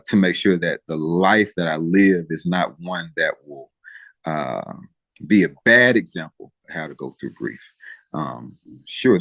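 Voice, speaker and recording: A man speaking as an interview guest, emotional and halting, with frequent pauses and restarts as he encourages listeners like a preacher. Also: low voice, fairly bright tone, dry recording. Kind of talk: earnest interview talk.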